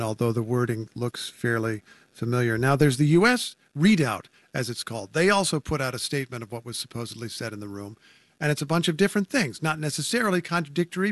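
A man's voice: mid-range voice, no echo. A man anchoring a radio news program, speaking conversationally with wry asides as he introduces reporters and guests.

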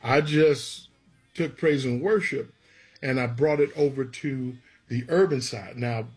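A gospel songwriter tells stories from his life in an interview, animatedly acting out the people he quotes. His mid-range voice has a breathy edge and a measured pace, with faint music in the background.

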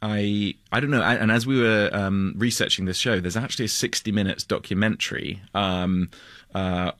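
Deep-voiced male actor, halting, laughs easily, dry close sound. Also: fairly even intonation, a bit bright, no room sound. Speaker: actor guest. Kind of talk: casual interview talk.

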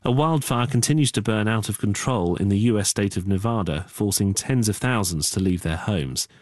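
A man with a low voice reads the news bulletin in a measured, formal manner. The sound is dry and close, like a studio booth with no room echo. Each item is delivered evenly and crisply. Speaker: newsreader.

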